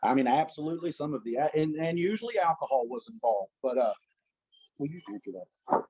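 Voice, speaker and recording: A blunt man talking in a casual podcast, swearing freely and pressing his points hard. His voice is husky and pitched fairly high for a man, and it swings widely up and down. The sound is dull and lo-fi. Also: expressive, brisk, a little mellow. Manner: blunt, profane and emphatic. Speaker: guest, strength coach and gym owner.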